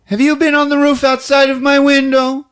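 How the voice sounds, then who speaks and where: Man doing a squeaky, high little-boy voice for a podcast recap, eager and excitable. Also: moderate pace. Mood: curious. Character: excited young boy, about ten.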